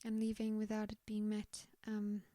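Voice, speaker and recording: A woman with a slightly tired voice giving a gentle, reassuring pick-a-card tarot reading, often dropping to a whisper. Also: mid-range voice, completely flat delivery, normal speed, dry recording, clean studio sound.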